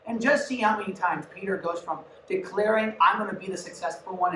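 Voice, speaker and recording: This youth pastor has a mid-range voice and speaks a little fast, with slight background noise behind her. Preaching to young people in a church, she keeps things casual and energetic, turning aside now and then to address her audience. Her voice carries through an echoey room from a distant microphone.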